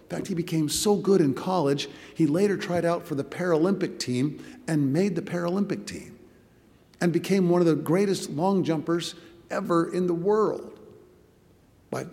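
A man's voice: a little high, moderate pace, dark tone, in a large hall. A man preaching a sermon as a pastor, telling a story with swelling and dropping volume and repeated words.

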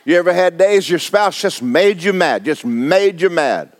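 A man's voice: high voice, animated, measured pace, no echo. A man preaching a blunt, exhorting sermon, firing rhetorical questions at his congregation. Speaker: pastor.

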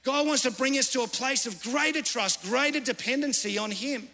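Man preaching a sermon, high-pitched and bright, long reverb of a church hall. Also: moderate pace. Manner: earnest, conversational storytelling. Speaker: pastor.

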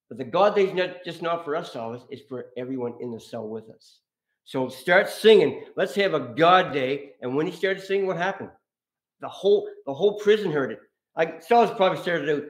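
A man's voice: a little high, a little fast. A man preaching an informal sermon, telling stories with frequent laughter. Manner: animated, laughs often, storytelling. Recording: echoey room.

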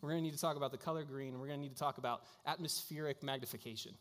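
A man's voice: medium pitch, fairly even intonation, very fast, fairly bright tone. A man preaching a sermon as a pastor, telling stories in a casual way with lots of fillers. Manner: casual storytelling with frequent fillers. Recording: long hall reverb.

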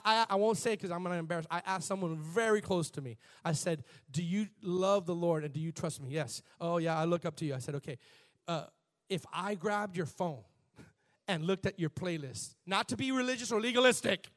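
A pastor preaching a lively sermon to his congregation, leading chants and call-and-response and rising to shouts. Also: high voice, a little fast. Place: church before a live congregation.

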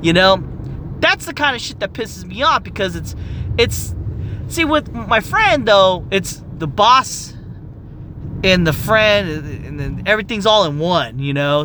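A young adult vents in a heated, swear-filled rant. The voice is bright and sharp, with pitch that swings widely. A low vehicle rumble runs faintly behind. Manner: heated, profane, exasperated. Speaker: medical office worker. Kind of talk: ranting monologue.

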